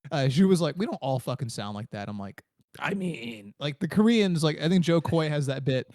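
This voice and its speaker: A man's voice: a little high, lively intonation, brisk, a little mellow, dry recording, studio quality. A man co-hosting a comedy podcast, rambling and swearing in crude casual banter, laughing often. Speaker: podcast co-host.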